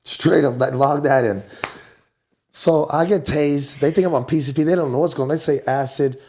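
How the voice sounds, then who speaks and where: Laid-back slangy man in his forties. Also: moderate pace. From United States. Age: 40s. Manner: animated storyteller, jumps up high for quoted voices. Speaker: podcast guest. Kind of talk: casual storytelling.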